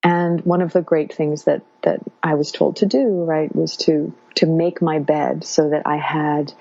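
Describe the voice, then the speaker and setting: A woman guest telling her own story in a casual, halting way, with many fillers and restarts. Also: deep voice, steady tone, vocal fry, warm tone, no echo, highs cut off.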